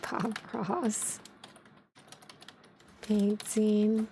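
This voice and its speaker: A woman VTuber streamer chatting casually with viewers, thinking aloud and giggling while she sets up her software. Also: mid-range voice, a little hiss or hum. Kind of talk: casual livestream chat while setting up software.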